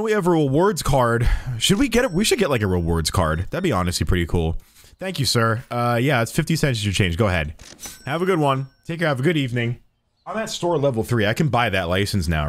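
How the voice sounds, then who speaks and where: A man's voice: a little high, no room sound. A man streaming a game, chatting playfully with in-game customers as if he were a cheerful cashier. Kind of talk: casual gameplay commentary.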